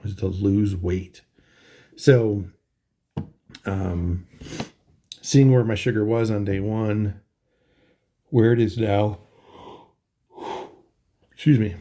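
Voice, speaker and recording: A middle-aged man talking casually in a halting video diary, tired and full of ums and restarts. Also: on the low side, dark tone. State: tired, yawning. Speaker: vlogger.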